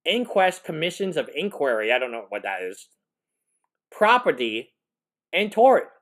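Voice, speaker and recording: A man's voice: fairly high pitch, very animated, measured pace, a bit bright. A man, a lawyer, giving live reaction commentary, incredulous and laughing, rambling with restarts.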